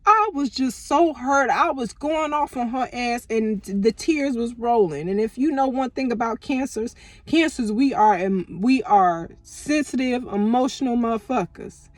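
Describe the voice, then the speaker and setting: Animated, profane woman telling a story. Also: fairly high pitch, a little slow, hardly any pauses, no room sound. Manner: animated, profane, lots of slang. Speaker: storytime vlogger. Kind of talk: casual storytelling.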